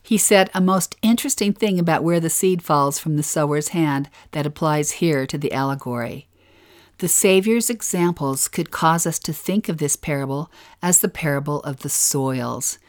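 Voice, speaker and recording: A woman's voice: sits low, normal speed. A woman giving an earnest devotional talk, reading in a storytelling manner. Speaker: religious speaker.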